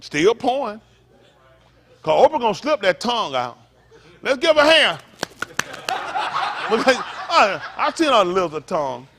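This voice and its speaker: A man's voice: high-pitched, sing-song, normal speed, background noise. A male pastor preaching a fiery sermon, firing blunt, profane rhetorical questions at his congregation with joking asides. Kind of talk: fiery street-talk sermon.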